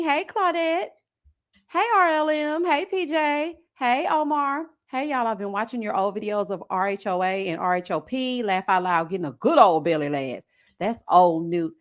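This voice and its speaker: Sassy high-voiced woman chatting live. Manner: sassy, animated, greeting viewers by name. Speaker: reality TV reviewer hosting a live stream. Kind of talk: casual live-stream chat.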